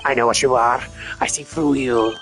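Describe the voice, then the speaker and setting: A pompous, wealthy art dealer who looks down on everyone, speaking in a made-up foreign accent, as a male streamer puts him on. He sounds curt and superior, mid-pitched. Game music plays behind him. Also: fairly even intonation, moderate pace, a bit bright, natural voice. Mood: haughty. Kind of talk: voice acting a game playthrough.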